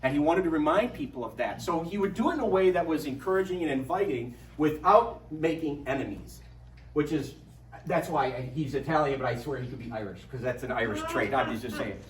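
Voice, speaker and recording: A middle-aged man giving a lively, joking parish talk to an audience, telling stories as he goes. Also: a little high, brisk, a little hiss or hum. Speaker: adult formation speaker. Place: parish hall. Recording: echoey hall from far off.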